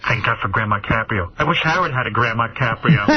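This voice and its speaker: A man's voice: medium pitch, very animated, normal speed, natural voice. A man on a radio show putting on a smug, catty woman who brags about her partner. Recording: dull lo-fi radio audio with noise.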